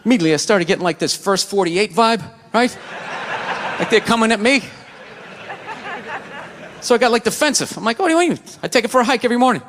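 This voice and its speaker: A man doing stand-up comedy with a Boston accent, telling stories in a loud, ranting way on a stage. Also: high-pitched, fast, pauses often, a little hiss or hum. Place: comedy stage in a large venue. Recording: live stage recording with hall reverb.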